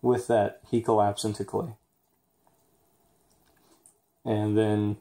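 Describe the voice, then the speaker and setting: A man reading a picture book aloud for an assignment, steady in the story and hesitant with fillers when he poses questions. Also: lowish voice, slow, vocal fry, pauses often. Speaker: student reader.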